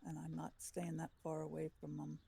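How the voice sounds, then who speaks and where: A woman's voice: low voice, monotone, brisk, vocal fry, warm tone, husky. A woman playing a tabletop game, hesitant, with fillers and restarts. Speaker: player.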